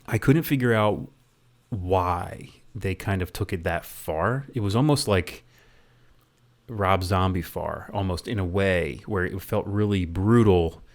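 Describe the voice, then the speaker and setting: A man's voice: sits low, unhurried. A man reviewing a movie in a casual rant, rambling and often stumbling over and repeating his words.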